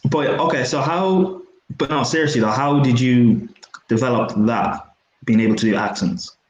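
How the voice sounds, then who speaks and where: A young man hosting a podcast, asking questions in a quick, chatty manner. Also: medium pitch. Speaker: podcast host. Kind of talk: casual interview chat. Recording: echoey lo-fi room with faint hiss.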